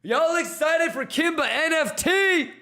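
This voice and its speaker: A man with a high, bright voice running a trading livestream. He talks in an unhurried way, firing off slangy shout-outs to his viewers with loose, hyped energy. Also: lively intonation. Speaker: crypto trading streamer. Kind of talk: casual livestream chat.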